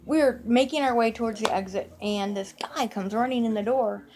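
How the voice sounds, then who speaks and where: A woman's voice: fairly high pitch, normal speed, darkish tone. A middle-aged woman telling a childhood story in a meandering, conversational way, full of asides and fillers. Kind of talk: personal storytelling.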